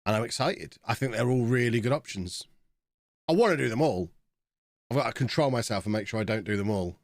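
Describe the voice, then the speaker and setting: Male streamer, thirties, mid pitch, dry close sound, loose casual chat reacting to the match. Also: expressive, fairly quick, dry recording. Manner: chatty, reacting to the game as it plays. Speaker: game streamer.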